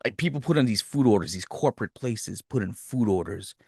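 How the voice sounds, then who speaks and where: A man hosting a podcast, giving a profane, animated movie review rant. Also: on the low side, brisk, creaky, husky, dry recording, clean studio sound. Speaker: podcast host.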